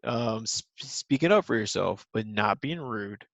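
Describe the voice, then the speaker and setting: A man's voice: lowish voice, expressive, a little slow, creaky, a bit bright, no echo, poor audio. Guy giving a patient little lesson to young kids, lots of ums, dry room. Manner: patient, simple wording, many ums. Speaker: teacher. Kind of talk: recorded lesson for young children.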